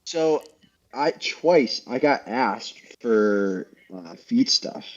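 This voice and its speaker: A young man rambles through a funny story, full of fillers and false starts and amused at himself. His voice sits mid-pitch. The audio is a little dull. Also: lively intonation, very slow. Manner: rambling, self-amused, lots of fillers and restarts. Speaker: podcast guest. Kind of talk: casual storytelling chat.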